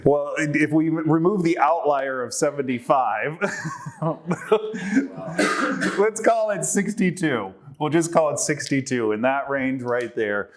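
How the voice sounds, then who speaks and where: A man's voice: on the high side, takes it slowly. A man presenting a workshop to a live group, quizzing the audience and working through numbers aloud.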